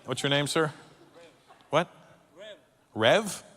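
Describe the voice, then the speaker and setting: A man's voice: fairly high pitch, lively intonation, slow pace. A man doing brash stand-up comedy and teasing audience members in a large live venue. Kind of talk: stand-up comedy and crowd work. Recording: live show with loud crowd laughter and noise.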